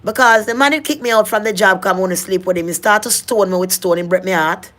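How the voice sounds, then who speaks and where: A middle-aged woman with a strong Jamaican accent recounts her own past in a personal vlog. She speaks at an ordinary middle pitch in earnest, heavy patois. She circles back and restarts phrases as she goes. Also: quick pace, a bit bright. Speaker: vlogger telling her life story. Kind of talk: personal storytelling.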